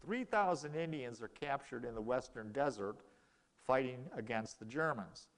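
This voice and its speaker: A man's voice: mid-range voice, animated, normal speed, long reverb tail. A man giving a casual history lecture in a lecture room, telling it as a story and acting out the quoted exchanges.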